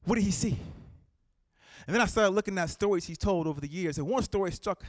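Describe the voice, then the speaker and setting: High-voiced man giving a stirring speech. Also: fairly quick, dry recording, clean studio sound. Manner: rhythmic repetition, swinging from loud calls to hushed storytelling. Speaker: political speaker. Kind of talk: impassioned rally speech. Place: community center hall.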